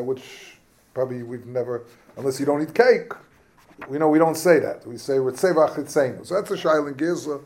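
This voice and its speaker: A man, teaching a lively Talmud class in a questioning, animated way. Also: fairly high pitch, a little fast. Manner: questioning, animated, mixes Hebrew and Yiddish terms.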